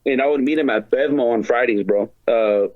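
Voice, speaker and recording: A man's voice: medium pitch, brisk, dry recording, phone-quality sound. A man who is a guest on a podcast, telling stories in casual chat, full of slang, swearing and fillers. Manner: profane slang-heavy storytelling, many fillers.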